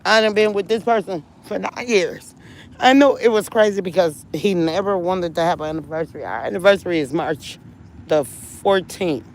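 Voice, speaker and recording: A woman's voice: fairly low pitch, normal speed, a little hiss or hum, poor audio. A woman telling a long personal story to her viewers in a casual venting style, upset and worn down, often repeating herself and speaking to them directly. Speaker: vlogger talking to viewers.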